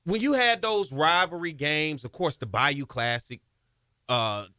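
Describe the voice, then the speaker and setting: Eager, bright-toned male podcast host. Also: fairly high pitch, lively intonation, smooth, no room sound, studio quality. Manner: enthusiastic, quick to react and prompt. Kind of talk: casual interview chat.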